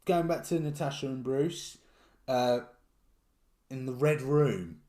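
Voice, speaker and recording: A man with a British accent co-hosting a podcast, talking in a relaxed, thoughtful way with many fillers. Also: mid-range voice, takes it slowly. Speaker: podcast co-host. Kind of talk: casual chat.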